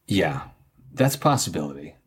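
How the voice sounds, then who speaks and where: A man's voice: low voice, very animated, moderate pace, breathy edge. A man chatting casually as a podcast guest, laid-back and agreeable. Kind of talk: casual chat.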